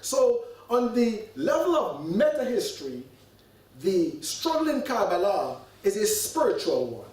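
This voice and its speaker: A man giving an earnest sermon to a gathering, full of rhetorical questions and repeated words as he thinks aloud. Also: high-pitched. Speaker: sheikh giving a religious talk. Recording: echoey hall, mic at a distance.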